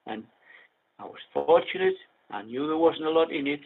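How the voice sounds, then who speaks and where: A man's voice: a little high, animated, moderate pace, creaky, slightly rough. An older man from England checking in to an amateur radio net, telling of his weekend. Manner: plain, easygoing storytelling. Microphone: radio transmission. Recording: tinny radio link with faint noise.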